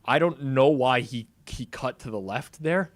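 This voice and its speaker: A man's voice: medium pitch, a little slow. A man co-hosting a live sports betting watch-along, chatting casually and joking through the game. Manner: lively, animated, jokey banter.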